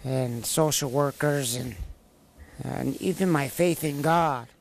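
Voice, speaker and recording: Slow, gravelly-voiced man telling his story. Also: mid-range voice. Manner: plainspoken storyteller with wry humor, halting restarts. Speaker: interviewee sharing his personal story. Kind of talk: candid personal testimony.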